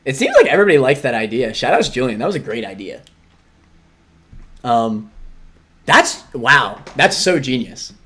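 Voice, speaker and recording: A man's voice: mid-range voice, sing-song, moderate pace, long pauses, a bit bright, slightly rough. A man hosting his own gaming stream, chatting in an easygoing, enthusiastic way. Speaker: streamer and host. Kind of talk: casual gaming stream chat.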